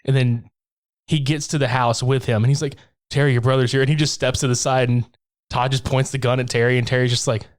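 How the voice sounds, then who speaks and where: A man on a podcast breezily walking through a horror film's plot, swearing freely. He laughs often and slips into quick impressions of the characters as he retells the scenes. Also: mid-range voice, little pitch movement. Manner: profane, laughing, acts out lines from the film. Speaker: podcast co-host. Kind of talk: casual movie recap chat.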